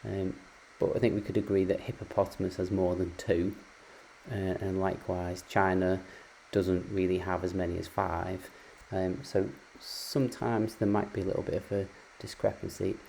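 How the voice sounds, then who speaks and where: A man's voice: sits low, flat delivery, normal speed, creaky, darkish tone, slight background noise, low-quality recording. A man teaching phonics in a patient, explanatory way, with frequent ums and uhs. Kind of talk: recorded lecture on phonics.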